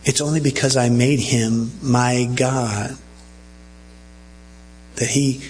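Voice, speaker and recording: A man's voice: medium pitch, fairly even intonation, takes it slowly, a little mellow, slight background noise, low-quality recording. A male pastor preaching a sermon earnestly and checking in with his listeners.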